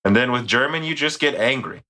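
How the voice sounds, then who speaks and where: A man's voice: medium pitch, lively intonation, fairly quick, sharp tone. An American man hosting a casual tech podcast, rambling and joking as he reads listener mail. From United States. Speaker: podcast host.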